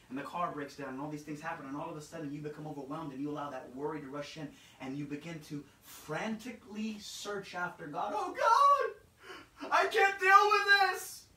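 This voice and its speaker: Fiery preacher man in an echoey room. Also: a little high. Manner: dramatic, swings from shouting to hushed, repeats words. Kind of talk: sermon. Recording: echoey room, mic at a distance.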